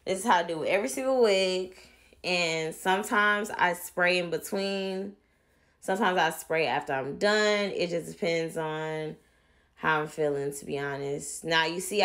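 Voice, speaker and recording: A woman's voice: on the low side, a little slow, a bit bright. A young woman chatting casually to viewers while doing a hair tutorial, with playful asides and a mock rant. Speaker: hair vlogger.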